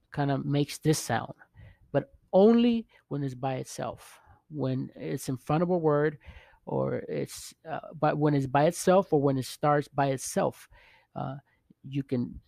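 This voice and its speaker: A man teaching Spanish vowels in a casual video lesson, pausing often to check in with the viewer. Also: on the high side, vocal fry, dark tone, dry recording. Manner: halting, restarts often, checks in with "okay?" and "right?".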